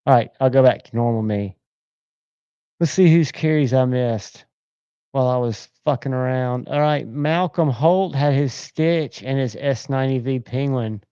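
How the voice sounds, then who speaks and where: A man's voice: mid-range voice, normal speed, warm tone, smooth, dry recording, dull audio. A man hosting a casual livestream, chatting in a rambling, enthusiastic way. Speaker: livestream host. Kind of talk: casual chat.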